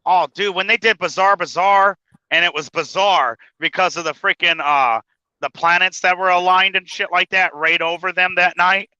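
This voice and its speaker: Bright, profane man chatting from his truck. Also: high-pitched, steady tone, normal speed, clean tone, dry recording, highs cut off. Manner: profane, laughs often, stammers when telling a story. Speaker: podcast host. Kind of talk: casual chat. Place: truck cab, driving.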